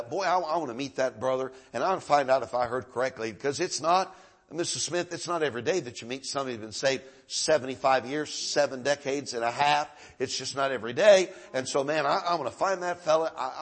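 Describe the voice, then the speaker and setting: Folksy husky-voiced male preacher. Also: mid-range voice. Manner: folksy, repeats words, stammering restarts. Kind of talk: storytelling sermon.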